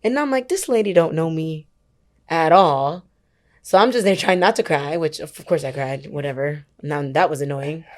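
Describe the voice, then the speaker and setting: Chatty young woman with a lowish voice. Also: moderate pace. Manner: animated storyteller who acts out quoted dialogue; chatty, uses many fillers like "like" and "whatever". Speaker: podcast guest, worship leader. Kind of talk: casual podcast chat.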